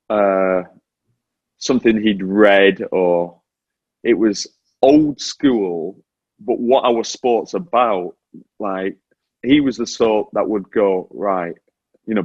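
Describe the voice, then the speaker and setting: British guy in his 40s telling racing stories, husky dry voice, kinda muffled sound. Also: fairly low pitch, no echo. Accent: British English. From Britain. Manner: animated, self-deprecating storytelling. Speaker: guest, former motorcycle racer. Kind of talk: casual interview chat.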